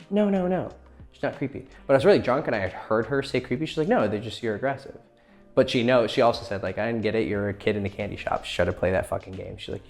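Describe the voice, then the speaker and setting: Blunt, swearing young man with a low voice. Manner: blunt, profane, swaggering. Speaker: dating coach. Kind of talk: casual advice vlog.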